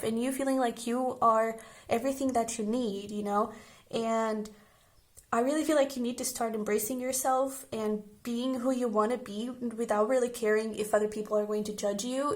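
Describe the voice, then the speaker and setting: Soft-spoken tarot reader lady, kinda high voice, talking to you all comforting and chill. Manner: gentle and reassuring, speaking directly to the viewer. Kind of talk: casual pick-a-card tarot reading.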